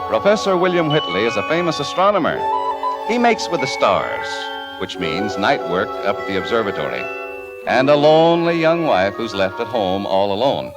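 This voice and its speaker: A man's voice: on the low side, very animated, moderate pace. A man announcing and narrating a 1940s radio broadcast in a polished, formal manner. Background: orchestral music.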